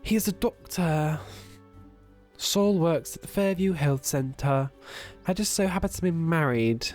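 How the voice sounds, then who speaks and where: A man's voice: a little high, a little slow, darkish tone, soft background music. A young man giving joking, sarcastic commentary while playing a video game. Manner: sarcastic, joking, camp asides. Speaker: let's play gamer. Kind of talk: gameplay commentary.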